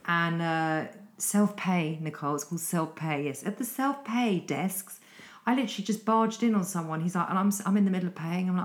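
A middle-aged woman with a British accent retells her chaotic evening in a rambling, breathless way, full of self-deprecating asides. Her voice sits a little low. The room around her rings with noticeable echo. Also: moderate pace. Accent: British English. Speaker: coach. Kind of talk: casual storytelling monologue.

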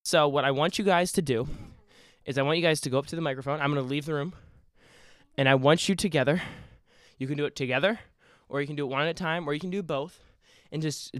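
Playful young man, smooth dry voice. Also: a little high, fairly bright tone, dry recording. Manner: playful, jokey, freestyles and puns. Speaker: podcast host. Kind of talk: casual comedic podcast chat.

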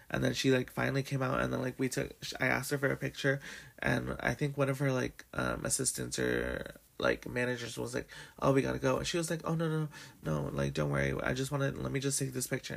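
A young man with a raspy morning voice, telling a story in a casual, chatty way full of "like" and "um". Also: mid-range voice. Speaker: podcast host.

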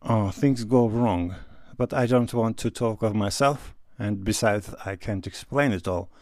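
A man's voice: on the low side, unhurried, a little mellow, no echo, studio quality. A man voicing a cheerful, worldly nobleman who teases his friend in a breezy, slightly grand manner. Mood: wistful.

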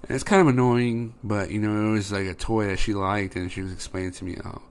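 His voice sits fairly low, with a steady, clean tone and a brisk delivery. This young dad and podcast host rambles through casual stories about his daughter, leaning constantly on fillers such as "you know."

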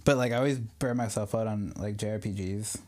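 A man's voice: lowish voice, fairly even intonation, fairly quick, darkish tone. A young man in his twenties hosting a casual podcast, talking loosely with lots of swearing and frequent laughter. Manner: loose, profane, laughs often. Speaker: podcast host.

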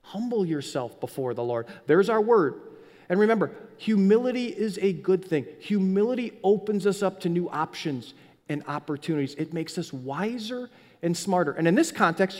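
A man's voice: sits high, moderate pace. A man preaching a sermon as pastor, telling stories animatedly and often restarting his words. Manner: animated storytelling with frequent restarts. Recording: long hall reverb.

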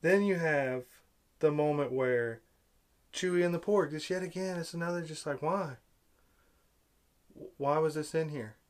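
A man's voice: fairly high pitch, measured pace, pauses often. A man ranting in film commentary, sarcastic and exasperated, repeating his complaints. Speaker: movie reviewer.

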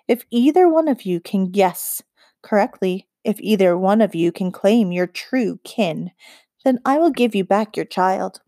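A woman voicing a proud, cold female forest witch queen in an audiobook, speaking slowly and deliberately with mocking scorn. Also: mid-range voice, lively intonation, mellow, no echo, studio quality. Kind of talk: audiobook character reading.

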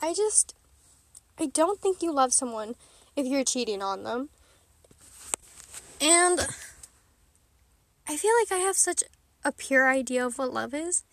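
A woman's voice: high voice, lively intonation, a little slow, pauses often, a bit bright, no echo. A young woman talking frankly to her viewers in a rambling, casual way, often laughing. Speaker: vlogger. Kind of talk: candid casual chat to camera.

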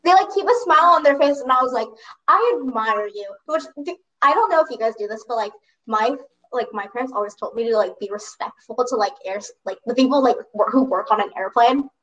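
A woman's voice: on the high side, fast talker, fairly bright tone, far from the mic, highs cut off. A young woman chatting bluntly with friends, full of fillers. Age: young adult. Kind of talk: casual chat among friends.

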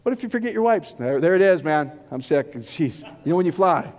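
A man preaching a casual, joking sermon, rambling and excitable, giddy from too little sleep. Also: on the high side, fairly quick. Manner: rambling, excitable, long-winded. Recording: long reverb of a large hall.

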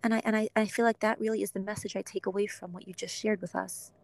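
Earnest woman podcast host, gravelly edge. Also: mid-range voice, level tone, fast talker, dry recording. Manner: gentle, earnest, encouraging. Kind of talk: heartfelt podcast interview.

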